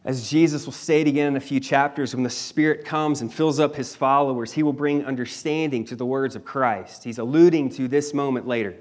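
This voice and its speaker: A man's voice: medium pitch, fairly quick, hardly any pauses, darkish tone. Emphatic male preacher telling a scripture story. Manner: emphatic, dramatic storytelling with shifting volume; casual slang asides. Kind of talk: sermon.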